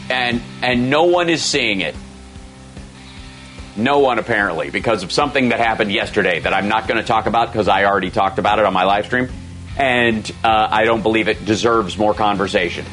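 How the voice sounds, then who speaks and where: A man's voice: medium pitch, fairly bright tone, low-quality recording. A man hosting a radio talk show, talking casually and sarcastically about politics in a rambling way.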